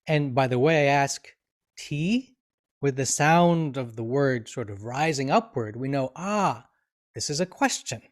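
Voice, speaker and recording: A man teaching grammar in a live online question session, explaining at length with frequent restarts and fillers and reading example sentences with expressive inflection. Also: medium pitch, moderate pace.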